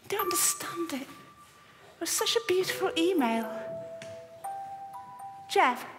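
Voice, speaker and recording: A rambling, lonely dater. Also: female voice, very high-pitched, animated, takes it slowly, exaggerated voice. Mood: anxious, pleading. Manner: rambling, eager, talks in fits and starts. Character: lonely, awkward woman pleading with an online date. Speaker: stage performer. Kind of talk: dance theatre monologue. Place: theatre stage. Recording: reverberant theatre stage with music. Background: music score.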